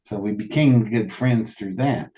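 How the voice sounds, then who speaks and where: A man telling animated anecdotes in a casual conversation, often laughing and quoting what people said. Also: fairly low pitch, measured pace. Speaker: guest telling stories. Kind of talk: casual storytelling.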